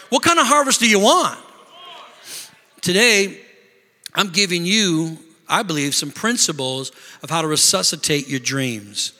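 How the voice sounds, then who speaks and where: A male pastor with a high, sharp, piercing voice delivers a sermon. His words ring out with a long reverb, as in a large hall. He preaches with emphatic bursts and mimics the voices of the people he addresses.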